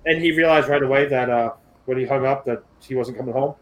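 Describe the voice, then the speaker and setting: A man's voice: medium pitch, fast, low-quality recording. Sardonic, profane male podcast co-host. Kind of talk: casual podcast chat.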